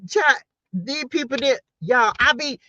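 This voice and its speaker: A woman's voice: high-pitched, lively intonation, unhurried, bright, forceful tone, dry recording, muffled recording. A woman tarot reader giving a casual motivational talk to her viewers, playful and slangy, laughing often.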